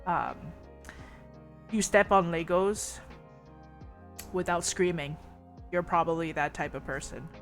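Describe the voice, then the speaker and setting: A woman's voice: on the low side, slow pace, pauses often, soft background music. A woman streamer chatting casually with viewers, reading their messages, rambling with lots of fillers, teasing, and giggling often.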